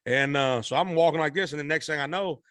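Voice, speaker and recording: A man's voice: a little high, quick pace, clean tone, dry recording, studio quality. A man, a singer guest on a podcast, telling a story animatedly and acting out the people in it. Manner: animated, acts out quoted voices.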